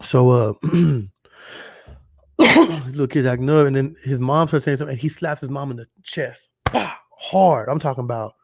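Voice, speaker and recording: Profane, animated Texas podcast host. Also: male voice, medium pitch, moderate pace, breathy edge, no echo, clean studio sound. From Dallas, Texas. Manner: animated storytelling, profane, acts out quotes. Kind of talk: casual chat.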